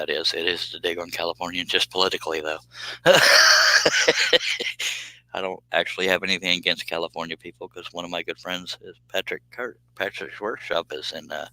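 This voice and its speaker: Working on a woodworking live stream, a man from the United States chats casually, laughs often, and reads out viewers' comments. He has a low, sharp-toned voice. The audio is rough, though free of echo.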